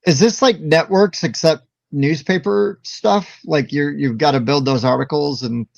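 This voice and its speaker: A man's voice: a little high, a little slow, gravelly, no echo. A man co-hosting a casual board game chat over a video call, talking in a rambling, enthusiastic way with lots of fillers. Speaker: co-host. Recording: dull lo-fi video call audio.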